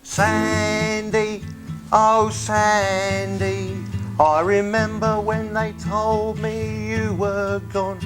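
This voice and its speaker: A maudlin folk singer over guitar. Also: male voice, high voice, little pitch movement. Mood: mournful singing. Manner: halting, stammering and emotional when speaking; sings a mournful ballad slowly over guitar. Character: earnest, maudlin amateur male folk songwriter. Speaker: comedy sketch character. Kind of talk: comic sketch with sung folk ballad. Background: acoustic guitar playing.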